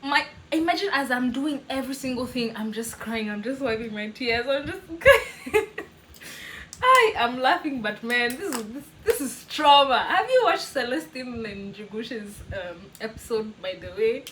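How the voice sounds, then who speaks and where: A young woman with a Kenyan accent telling a story in a casual vlog, animated, laughing often and slipping in Swahili words. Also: a little high, normal speed, hardly any pauses, a little hiss or hum, rough recording. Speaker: vlogger.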